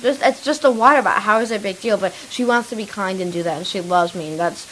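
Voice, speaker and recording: A woman's voice: medium pitch, quick pace, fairly bright tone, a little hiss or hum, poor audio. A teenage girl co-hosting a kids' radio show, chatty and rambling, with many fillers. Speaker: young co-host. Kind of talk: casual chat.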